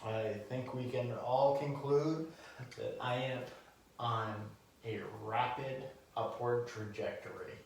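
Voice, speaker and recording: Brief: slow, deadpan male podcast co-host, mid-pitched, echoey and off-mic. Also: slight background noise. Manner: slow, deadpan storytelling with crude humor. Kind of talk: casual chat. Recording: echoey room, mic at a distance.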